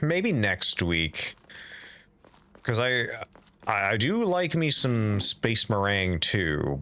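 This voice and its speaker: Male streamer, low voice with a forceful edge, casual and rambling, reads game documents aloud to chat. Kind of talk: casual live-stream chat while playing.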